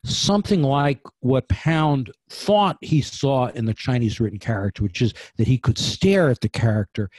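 New york guy on a dry video call, thinking out loud, stops and restarts a lot. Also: medium pitch, expressive, no room sound. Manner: thoughtful, halting, lots of restarts. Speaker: guest poet. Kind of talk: casual poetry discussion over video call.

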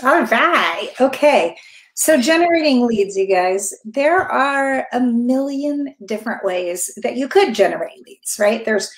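A woman's voice: on the high side, expressive, measured pace. A middle-aged woman, a marketing coach and guest, presenting on a business webinar in an upbeat, direct way that often checks in with her listeners. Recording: roomy echo.

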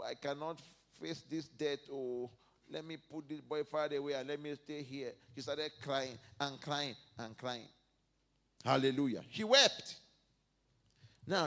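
A male pastor preaching a sermon, dropping to soft asides and rising to loud emphatic peaks as he reads and acts out scripture. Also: medium pitch, creaky. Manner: preaches verse by verse, acting out biblical speakers.

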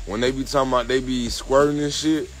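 A man joking around with his partner at a pool at night, cursing and complaining loudly. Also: mid-range voice, fast, low-quality recording. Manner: profane, animated, indignant. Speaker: vlogger. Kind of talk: casual banter.

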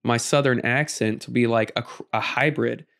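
A young man in his twenties, a podcast co-host and narrator, explaining his process in casual, halting talk. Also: medium pitch, steady tone, vocal fry, fairly bright tone. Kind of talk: casual chat.

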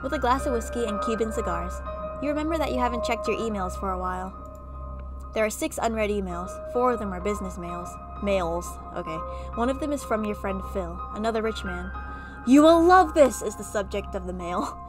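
A woman reading an interactive horror story game aloud and breaking off for animated, chatty reactions. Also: medium pitch, fairly quick, loud music behind the voice. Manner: animated, chatty asides between narration. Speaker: gaming video creator.

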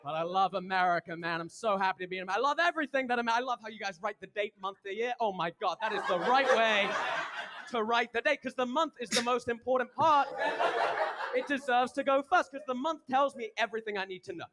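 A young man from England with an English accent doing a deadpan stand-up comedy set and acting out both sides of dialogues. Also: very high voice, fast. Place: comedy club stage. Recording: loud noise and clicks.

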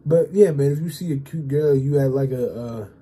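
Husky, mellow young man rambling. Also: mid-range voice, moderate pace. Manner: loose and rambling, heavy fillers and swearing. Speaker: YouTuber giving dating advice. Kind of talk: casual rambling monologue.

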